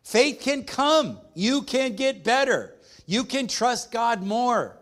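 A man's voice: extremely high pitch, big pitch swings, slow pace, fairly bright tone. A man preaching a sermon as pastor, emphatic, calling for responses from the congregation.

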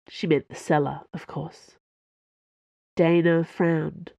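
Woman, audiobook narration, measured, slow, dry close mic. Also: sits low, darkish tone, no echo, lo-fi sound. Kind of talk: scripted narration.

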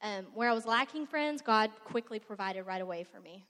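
A woman's voice: medium pitch, animated, a little fast, a bit bright. A young woman earnestly sharing her personal faith testimony, emotional and full of fillers. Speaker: testimony speaker. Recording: echoey hall sound.

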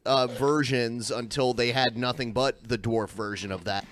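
A man of middle pitch argues on a debate panel, halting and repeating himself before rushing through his points. His delivery is loose and conversational. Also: fairly even intonation, a bit bright. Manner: halting, repeats words, rushes when pressed. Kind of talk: argumentative discussion.

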